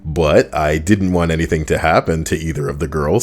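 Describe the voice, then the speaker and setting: A man's voice: deep voice, animated, fairly quick, few pauses, a little hiss or hum. A man giving crude, mocking comedic reactions to stories he reads out, ranting as he goes. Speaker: online commentator.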